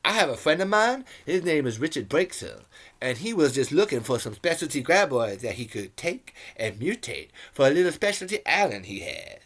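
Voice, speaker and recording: A man's voice: fairly high pitch, very animated, moderate pace, a bit bright. A man doing a scheming man with a mock accent. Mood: sly. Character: scheming man asking a favor, put-on accent.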